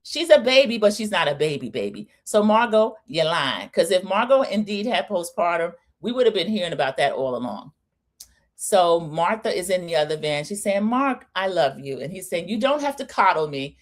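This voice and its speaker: A woman's voice: fairly low pitch, big pitch swings, normal speed. A middle-aged woman hosting a live recap, chatty and scolding, calling her viewers y'all. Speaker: recap show host. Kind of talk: live opinion recap, casual chat.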